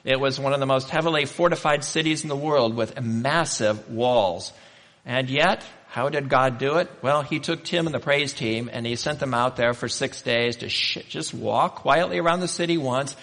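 A man's voice: mid-range voice, normal speed, a bit bright, big-room sound. A male pastor preaching a sermon, telling stories in a conversational way and asking the congregation rhetorical questions.

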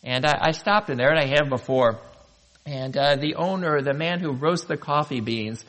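A pastor preaching a sermon, telling stories earnestly with dramatic pauses and rising emphasis. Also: male voice, on the high side, fairly bright tone, rough recording.

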